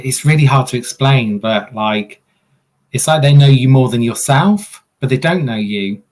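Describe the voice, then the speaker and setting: A man's voice: medium pitch, unhurried. A man hosting a casual chat, talking hesitantly and searching for his words. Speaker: host. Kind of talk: casual chat about mental health.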